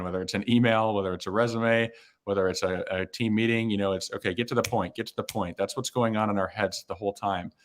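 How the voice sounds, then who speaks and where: A man with a somewhat low voice gives career advice on a live stream. He talks casually, with many fillers, restarts and repeated words. He is close to the mic. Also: fairly bright tone. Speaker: hiring manager and career coach.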